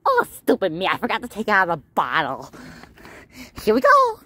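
A woman voicing Mario, a hot-tempered male plumber in a homemade plush toy skit, who mutters and bursts into yells. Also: mid-range voice, huge pitch swings, brisk, exaggerated voice. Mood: muttering. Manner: exasperated, yelling outbursts, mutters to himself.

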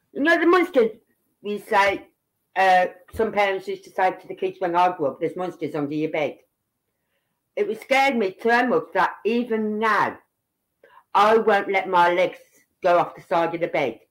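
Brief: woman, angry reaction commentator, slow and blunt, swears when heated. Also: medium pitch, poor audio. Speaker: online commentator.

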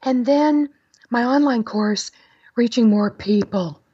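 Raspy woman with a husky, lo-fi sound. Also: fairly high pitch, slow pace, mellow, dry recording. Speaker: guest, wedding planner. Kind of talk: casual interview talk.

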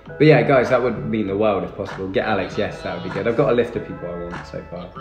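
A young male livestreamer with a voice on the low side speaks fast while chatting casually, thanking viewers and answering their comments. Music plays behind him in an echoey room.

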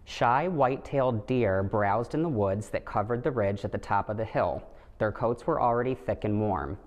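Deep-voiced man reading a picture book. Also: moderate pace. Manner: gentle, steady storytelling with light voices for the animals. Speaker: storybook reader. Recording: long hall reverb.

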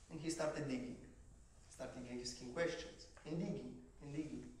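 A man with a Romanian accent telling his life story as a motivational speaker, slow and dramatic, rising to shouts at the peaks. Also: fairly high pitch. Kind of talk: personal story speech. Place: large event hall on stage. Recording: echoey hall from far off, faint noise.

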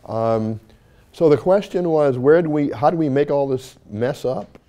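A man's voice: fairly high pitch, measured pace, mellow. A man, a university dean, giving an informal classroom talk, telling stories with asides and self-corrections.

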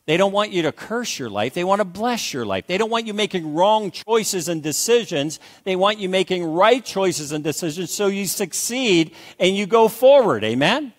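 Animated high-voiced older preacher. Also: male voice, moderate pace, hardly any pauses. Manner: emphatic, repeats for effect, calls for amens. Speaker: pastor. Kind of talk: sermon.

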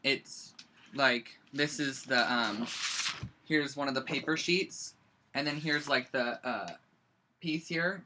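A teenager with a mid-range voice runs a live-streamed scrapbooking demo from a bedroom at home, with background noise audible. The talk is a casual craft chat, rambling and chatty and packed with "like."

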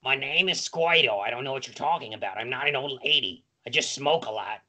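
A grumpy old woman with a smoker's rasp scolds from a little way off the mic, as a man puts her on for a laugh. Her voice is gravelly and low, like years of cigarettes. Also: a little fast, bright, forceful tone. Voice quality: smoky, raspy. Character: old raspy chain-smoking lady, cranky.

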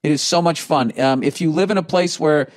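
Sarcastic swearing podcast host, man. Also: brisk. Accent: Boston. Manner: sarcastic, swears heavily, swings between mocking highs and grumbling lows. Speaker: podcast host reading listener emails. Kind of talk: profane comedic podcast rant.

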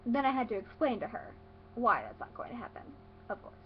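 Sarcastic high-voiced teen girl vlogger. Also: highs cut off, slight background noise. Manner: sarcastic, rambling. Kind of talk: casual vlog rant.

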